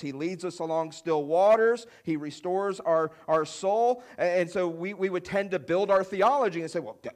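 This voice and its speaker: A man preaching a sermon in a conversational way, often saying "you know" and leaning hard on key phrases. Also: high voice. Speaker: pastor.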